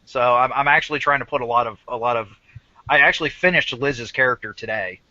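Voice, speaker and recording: A man's voice: medium pitch, fast talker, sharp tone, no echo, highs cut off. A man co-hosting a gaming podcast, chatting casually and teasing his friend. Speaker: podcast co-host and game master. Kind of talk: casual chat.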